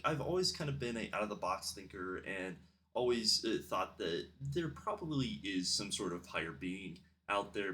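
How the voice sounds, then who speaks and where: A man's voice: lowish voice, a bit bright. A young man talking through his personal thoughts in a reflective, rambling vlog monologue with many fillers and restarts. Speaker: vlogger.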